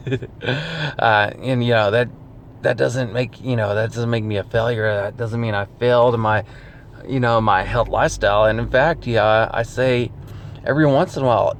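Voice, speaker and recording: A man's voice: mid-range voice, normal speed, a little hiss or hum. A man talking casually to camera in a rambling, self-deprecating vlog, laughing often. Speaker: vlogger.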